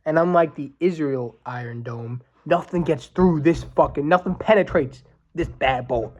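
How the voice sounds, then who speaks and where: A man's voice: a little high, highs cut off. A man in his twenties hosting a podcast, ranting with heavy swearing and stopping now and then to think. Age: 20s. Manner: profane, fired-up ranting with pauses to think. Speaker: podcast host.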